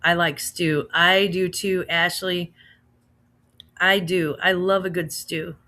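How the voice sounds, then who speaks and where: She's a Midwestern American woman in her thirties, casually reading out comments to her livestream viewers and laughing along. Her lowish voice comes out slow and flat in delivery, with a bright, forceful tone, and she's chatty, laughs a lot, and says "girl" and "slaps."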